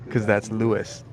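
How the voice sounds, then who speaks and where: A man's voice: lowish voice, darkish tone, a little hiss or hum. A man building a PC on a live stream, chatting casually and in a hurry. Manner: hurried and easygoing. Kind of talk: casual chat while working.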